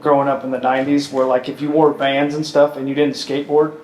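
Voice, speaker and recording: A man's voice: mid-range voice, little pitch movement, fast, a little mellow. A man on a podcast making offhand, wry remarks in casual chat. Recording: echoey room, faint hiss.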